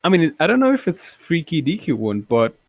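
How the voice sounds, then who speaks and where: A man calling in over a voice call, telling a personal story in a calm, matter-of-fact, rational way. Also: a little high, fairly quick, dry recording. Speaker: caller.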